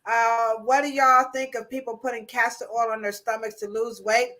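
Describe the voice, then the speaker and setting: Woman hosting a live chat, bright voice a bit high, teasing and slangy. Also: little pitch movement, moderate pace. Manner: playful, teasing, slangy, mock-scolding asides. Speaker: livestream host. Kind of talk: casual livestream chat.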